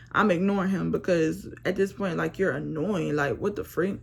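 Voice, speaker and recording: A young woman casually telling a storytime vlog with animated, slangy phrasing. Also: lowish voice, normal speed, creaky, few pauses, breathy edge. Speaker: vlogger.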